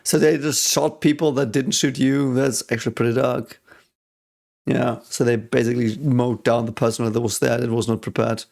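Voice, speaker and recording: A man hosting a reaction video, talking casually and excitedly, swearing often and thinking aloud. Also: medium pitch, moderate pace, vocal fry.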